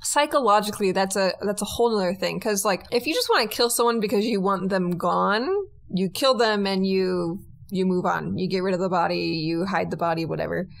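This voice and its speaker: A woman co-hosts a casual true-crime podcast chat, reacting bluntly to the story. She throws in sarcastic asides. Her voice sits at an everyday middle pitch. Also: brisk, vocal fry. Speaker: podcast co-host.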